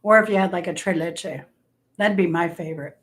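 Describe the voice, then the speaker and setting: A woman's voice: on the low side, fairly quick. A woman hosting a casual livestream, chatting and rambling to viewers and greeting them by name.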